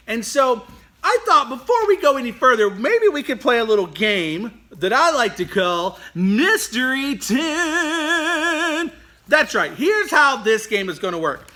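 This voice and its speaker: Animated, playful man leading kids' worship. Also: very high-pitched. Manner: animated, playful, keeps breaking into laughter. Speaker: children's worship leader. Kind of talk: lively children's lesson.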